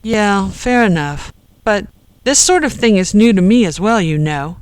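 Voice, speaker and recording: A weary male soldier who takes things as they come and grumbles about his lot, put on by a narrator for an audiobook. His lines sit a little higher than the narration, and the recording is dry and close. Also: animated, unhurried, clean tone, no echo, lightly acted. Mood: grumbling. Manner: matter-of-fact, grumbling.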